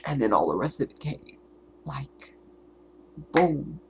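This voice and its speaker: A man hosting his own livestream, speaking in an emotional monologue. He sounds fervent and tearful as he holds back crying, often halting and dropping to a whisper. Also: mid-range voice, sing-song, a little hiss or hum. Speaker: livestream host.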